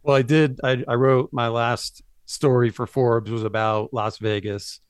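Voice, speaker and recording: A man sitting in as a journalist guest on a casual podcast. His mid-pitched talk rambles, full of "like" and "you know". The recording is dry and close. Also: little pitch movement, unhurried, smooth, dry recording. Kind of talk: casual chat.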